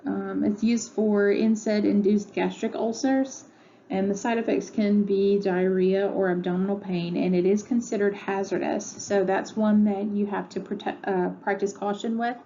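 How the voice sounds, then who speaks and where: A woman's voice: medium pitch, little pitch movement, normal speed, mellow. A woman teaching a pharmacy lecture from home, talking conversationally with many ums and uhs. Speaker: pharmacy instructor. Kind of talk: recorded lecture. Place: home room. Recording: dull lo-fi audio with faint noise.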